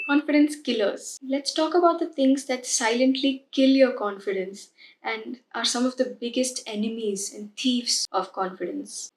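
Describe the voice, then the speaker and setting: A woman's voice: medium pitch, reverberant, rough recording. A woman hosting a self-help video, giving a scripted motivational talk straight to the viewer in a direct, coaxing way, calling them babe and bro.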